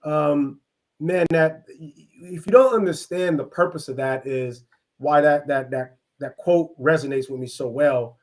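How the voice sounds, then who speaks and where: A middle-aged man from East Oakland, telling his life story as an interview guest, earnest and halting with many restarts. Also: on the high side. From East Oakland, California. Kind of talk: reflective personal storytelling.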